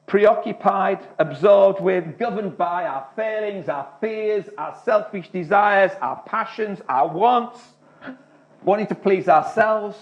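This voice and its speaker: A man's voice: high voice, takes it slowly. A man preaching a sermon, speaking earnestly and often restarting his words. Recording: dull lo-fi recording.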